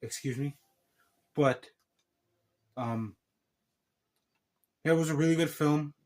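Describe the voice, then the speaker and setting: A channel host reviews a film in a fairly high, slightly mellow voice, speaking slowly. He rambles casually and meanders, cutting himself off with joking asides and restarts.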